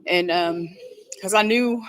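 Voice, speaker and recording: A woman telling her recovery story in an earnest, candid way, halting often and repeating herself with many fillers. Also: lowish voice. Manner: halting, repetitive, with many "you know" fillers. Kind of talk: personal recovery testimony.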